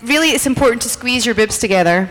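A woman's voice: a little high, expressive, quick pace, fairly bright tone, slight background noise. A woman at a convention, playfully coaching a crowd through a silly dance and laughing as she talks. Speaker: convention guest leading a dance. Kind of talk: lively live-audience banter. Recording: long hall reverb.

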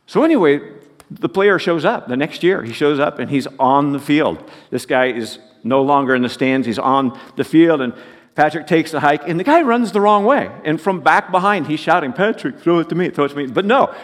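A man's voice: a little high, lively intonation, normal speed, in a large hall. A man preaching a sermon as pastor, folksy and joking as he tells stories.

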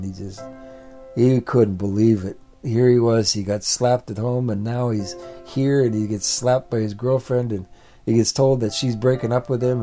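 A man's voice: mid-range voice, warm tone. A man telling a family story aloud in a plain, repetitive storytelling way. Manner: repetitive, building phrases. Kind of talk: oral storytelling.

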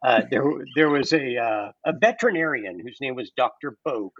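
A man's voice: mid-range voice, fairly quick, no echo, highs cut off. A man on a casual podcast who tells stories with energy and acts out both sides of the conversation in different voices. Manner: animated storyteller, acts out both sides of dialogue. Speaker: guest designer. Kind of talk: casual storytelling.

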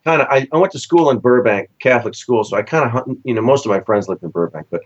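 Animated storytelling man, lo-fi sound. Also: fast talker. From Southern California. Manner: animated storyteller, acts out quoted voices with big pitch jumps. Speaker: session musician guest. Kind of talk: casual storytelling interview.

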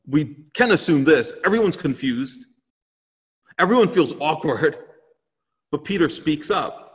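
Long hall reverb fills this recording of a male pastor's sermon in a church sanctuary. His fairly high voice is expressive and unhurried, and he preaches earnestly and emphatically, returning to repeated phrases.

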